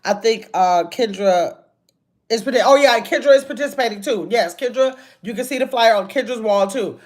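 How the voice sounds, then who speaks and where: A woman's voice: fairly high pitch, moderate pace. An older woman, chatting casually on a livestream from a hotel room, reading viewer comments and calling them y'all. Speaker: livestream host.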